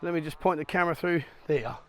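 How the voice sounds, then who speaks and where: A middle-aged man with a fairly high voice vlogs outdoors into a handheld camera. He chats and jokes with his viewers as he walks, and he sounds a bit out of breath on the hill paths. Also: very fast. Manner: chatty, jokey, addresses viewers directly. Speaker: travel vlogger. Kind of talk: casual walking vlog. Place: outdoors on a hillside island resort.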